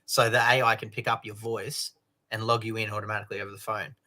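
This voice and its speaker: A man's voice: fairly low pitch, little pitch movement, over a noisy crowd. A man, co-hosting a comedy news show with jokey asides. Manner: jokey, quick reactions. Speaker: co-host. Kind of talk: casual comedic news chat.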